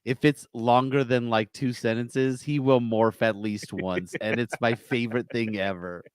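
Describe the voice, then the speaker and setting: A man's voice: mid-range voice, fairly even intonation, a little slow, clean tone, no room sound, clean studio sound. A man co-hosting a casual podcast chat, telling stories in a laid-back way. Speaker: podcast co-host.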